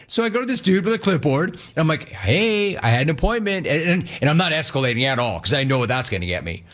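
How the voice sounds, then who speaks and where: A man's voice: a little high, very animated, fast, fairly bright tone. A man hosting a show, telling a casual story and acting out both sides of each conversation. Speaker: host.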